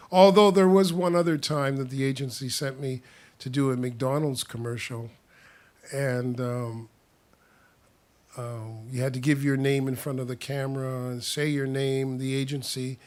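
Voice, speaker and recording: A man's voice: medium pitch, darkish tone. A man casually telling stories about his past, rambling with restarts and chuckling often as he talks. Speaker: storyteller. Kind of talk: casual spoken storytelling.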